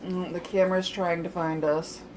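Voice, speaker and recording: A woman's voice: fairly low pitch, moderate pace. A woman game streamer chatting casually and playfully with her viewers while she waits on her game. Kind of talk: casual livestream chat. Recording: steady background noise.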